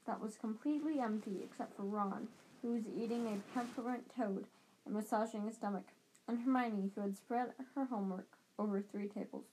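A woman's voice: medium pitch, normal speed, mellow, a little hiss or hum, poor audio. A woman reading a novel aloud as an amateur audiobook reader, with occasional slips and restarts.

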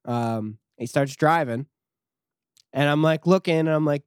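A young man chatting casually, telling a travel story with lively acted quotes and frequent laughs. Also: mid-range voice, measured pace, clear, resonant tone, no echo, clean studio sound. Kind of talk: casual chat.

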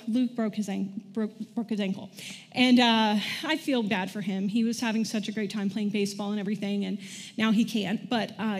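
High-voiced woman preaching in a reverberant hall. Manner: conversational, asks the congregation questions. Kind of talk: sermon. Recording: long church hall reverb.

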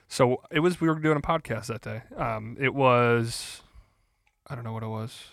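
A young man co-hosting a podcast in casual chat, telling a story in a relaxed, rambling way. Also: mid-range voice, a little slow, creaky, no room sound, studio quality. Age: young adult. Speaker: podcast co-host.

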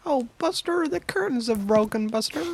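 A woman's voice: a little high, animated, normal speed, darkish tone, husky. A woman voicing a whining, complaining woman in a singsong comic bit.

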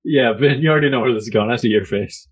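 A man chatting casually with his siblings, relaxed and agreeable, laughing often. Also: medium pitch, fast talker, breathy edge. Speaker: brother in a family chat. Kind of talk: casual chat.

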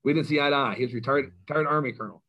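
Middle-aged male coach, lively self-deprecating storyteller, mid-pitched, slightly muffled lo-fi recording. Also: very fast. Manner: animated, self-mocking storyteller. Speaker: high school football coach. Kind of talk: storytelling in an interview.

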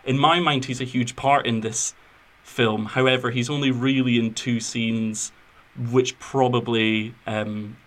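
A man's voice: medium pitch, steady tone, a little slow, hardly any pauses, a bit bright. A young man co-hosting a podcast, chatting about films in an enthusiastic, rambling way with plenty of fillers. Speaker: podcast co-host. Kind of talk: casual film chat.

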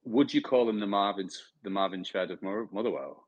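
A man co-hosting a football podcast, telling animated stories and mimicking fans. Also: fairly quick, dry recording, lo-fi sound. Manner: animated storyteller, mimics fans in high voices, swears. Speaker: podcast co-host. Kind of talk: casual football chat.

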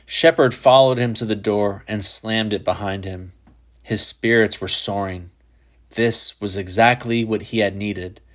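Low-voiced male audiobook narrator. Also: steady tone, measured pace, a bit bright.

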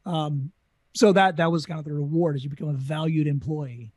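A Southern US man tells carnival stories in a quick, animated interview voice. His pitch sits high for a man. The sound is dry and close. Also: no echo. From Southern United States. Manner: fast, animated talker. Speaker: guest, former carnival talker. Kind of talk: casual storytelling interview.

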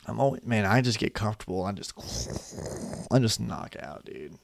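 A man's voice: lowish voice, animated, moderate pace, vocal fry, no room sound. A man in his twenties talking casually into a desk microphone at home, rambling off on tangents while sleepy and yawning. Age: 20s. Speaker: vlogger.

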